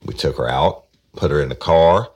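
A man, a detective telling a story casually in a blunt, profane and animated way. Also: a bass voice, moderate pace, slightly rough, highs cut off.

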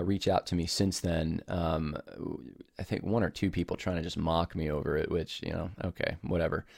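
Recording solo on a home setup with a camera, a podcast host rambles casually and apologetically, restarting sentences as he explains himself. His low-pitched voice is creaky and a little mellow, captured in a dry, studio-quality recording.

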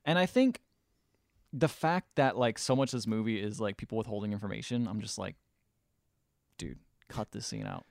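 A man's voice: fairly low pitch, lively intonation, brisk, dry recording, studio quality. A man hosting a podcast, casually retelling a film scene by scene with loose, swearing chatter. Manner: rambling, casual swearing, acts out quotes loosely. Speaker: podcast host. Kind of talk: casual film recap chat.

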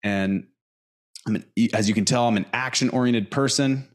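Brief: man in his thirties, chatty animated storyteller, mid pitch. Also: normal speed. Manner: animated storyteller, fillers like dude. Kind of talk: casual chat.

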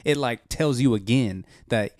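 A man's voice: medium pitch, unhurried, a little mellow, no room sound, clean studio sound. Laid-back, swearing male podcast co-host. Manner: laid-back, profane, jokey. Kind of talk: casual chat.

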